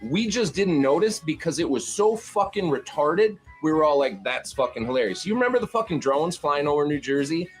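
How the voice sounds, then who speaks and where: A man's voice: a little high, expressive, moderate pace, hardly any pauses, soft background music. A man hosting a livestream panel, ranting in a sarcastic, profane way and mocking others with quoted voices. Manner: sarcastic, swears constantly, mocks with put-on quotes. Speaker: panel host. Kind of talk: profane political rant on a livestream.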